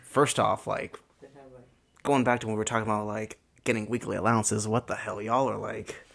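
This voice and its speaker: A man's voice: on the low side, little pitch movement, moderate pace, gravelly, a bit bright. A man in his twenties, a podcast co-host chatting casually and rambling, filling his talk with "like". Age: 20s. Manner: rambling, fills speech with "like". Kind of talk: casual chat.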